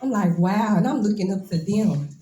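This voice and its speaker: A woman's voice: medium pitch, lively intonation, brisk, mellow, echoey room, poor audio. A woman in her twenties gives a nervous, emotional, casual speech as a braider at a hair shop event. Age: 20s.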